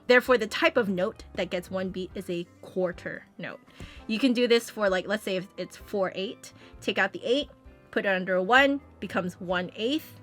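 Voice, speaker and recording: A woman's voice: medium pitch, sharp tone. A young woman giving a casual, chatty music lesson, explaining rhythm and sight reading. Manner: chatty, explanatory, sings beats with "bum". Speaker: flute teacher.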